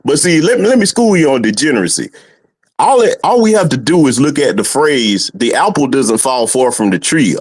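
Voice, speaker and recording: A male caller on a livestream lectures the room in a deliberate, steady way. His voice sits at an ordinary pitch for a man. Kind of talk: casual lecturing rant.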